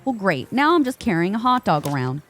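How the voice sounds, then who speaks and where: A woman's voice: medium pitch, sing-song, a little fast, fairly bright tone, soft background music. A young woman streaming a game live, chatting away to the game's characters and greeting her viewers. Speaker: Twitch streamer. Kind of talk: live gameplay chat.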